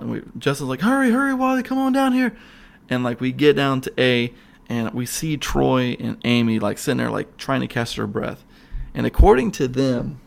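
A man and paranormal investigator casually retelling a ghost hunt, rambling and excitable, with lots of fillers and restarts. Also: mid-range voice, gravelly. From Florida.

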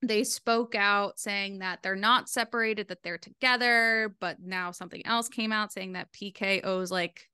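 A woman's voice: mid-range voice, fairly even intonation, measured pace, few pauses, bright, forceful tone, smooth, dry recording, studio quality. A young adult woman co-hosting a podcast, chatting casually and giving strong opinions. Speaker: podcast co-host. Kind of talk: casual chat.

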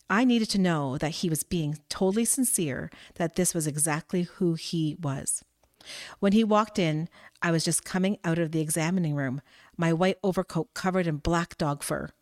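A woman's voice: fairly low pitch, darkish tone, no echo, clean studio sound. A woman reading a first-person novel aloud, narration mixed with dialogue, with occasional slips and restarts. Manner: reads with small slips and restarts. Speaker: audiobook reader.

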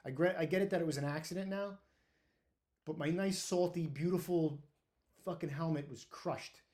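A man telling his own firehouse story in a blunt, profane, animated way, full of restarts. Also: a little high, normal speed. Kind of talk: casual storytelling monologue.

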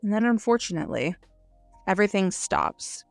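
A woman co-hosting a podcast, casually reviewing a book and retelling its scenes with lively acted-out quotes. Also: mid-range voice, moderate pace, vocal fry, no room sound, soft background music. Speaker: podcast co-host.

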